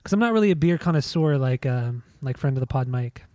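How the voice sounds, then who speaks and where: A man's voice: medium pitch, animated, fast talker, warm tone, no echo, studio quality. A man co-hosting a podcast, chatting casually and laid-back, swearing and teasing as he talks. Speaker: podcast co-host. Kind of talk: casual chat.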